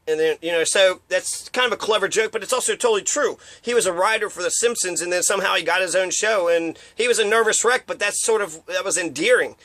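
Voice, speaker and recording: A man's voice: sits high, bright, forceful tone. A man ranting in a rambling, profane, casual way, often mocking others with put-on voices. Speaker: commentator.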